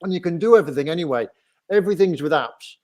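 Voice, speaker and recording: A man's voice: on the high side, lively intonation, fast talker, a little mellow. A man with a Nottingham English accent hosting a casual livestream chat, rambling and often asking "right?". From England. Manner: chatty, rambling with frequent "right?". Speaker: host.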